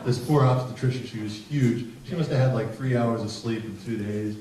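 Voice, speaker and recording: A middle-aged man, a psychologist, telling stories to a seminar audience in an animated, humorous way and acting out voices. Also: mid-range voice, normal speed. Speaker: psychologist giving a parenting seminar. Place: large hall with an audience. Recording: roomy, distant, noisy hall recording.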